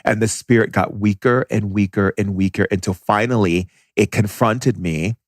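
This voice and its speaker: A man speaking as a podcast guest, telling stories bluntly and animatedly, in quick bursts with restarts. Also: lowish voice, no echo, studio quality. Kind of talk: casual storytelling.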